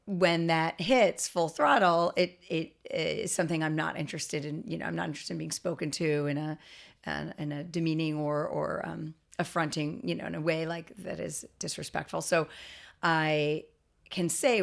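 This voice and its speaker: Low gravelly-voiced middle-aged woman explaining. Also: fairly even intonation, normal speed. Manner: earnest, explanatory, with frequent restarts and light laughs. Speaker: guest, autism expert. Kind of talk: podcast interview.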